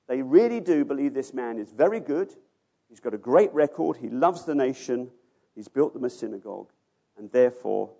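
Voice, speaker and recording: A man preaching a sermon in a church, expounding a passage with rhetorical questions and letting his phrase ends fall away softly. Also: mid-range voice.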